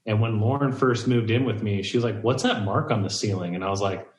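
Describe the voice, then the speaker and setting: A man's voice: on the low side, fairly quick, reverberant, low-quality recording. A man rambling casually as a podcast guest over a video call, full of "like" and easy laughter. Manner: rambling, lots of "like", laughs easily.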